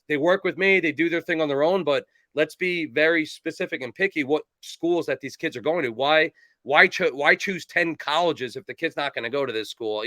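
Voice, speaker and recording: A man in his forties from New Jersey, a kicking coach telling stories as a guest in a casual interview, rambling and animated with lots of fillers. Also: fairly high pitch, no room sound.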